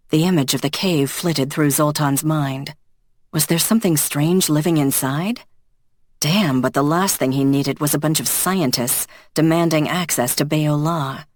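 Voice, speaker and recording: An audiobook narrator reading a paranormal romance in an even, measured storytelling voice. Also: medium pitch, no room sound, clean studio sound.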